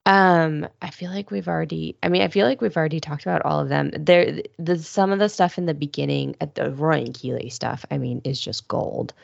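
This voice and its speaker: A woman's voice: sits low, fairly even intonation, brisk, gravelly, hardly any pauses, no room sound. A woman co-hosting a podcast, talking casually and hesitantly, with many restarts. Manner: hesitant, restarts a lot, chuckles. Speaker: podcast co-host. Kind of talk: casual chat. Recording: dull lo-fi sound, dry.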